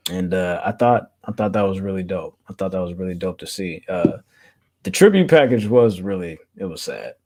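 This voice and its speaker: A man hosting a podcast in casual chat, talking in a relaxed, halting way with fillers. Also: low-pitched. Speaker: podcast host.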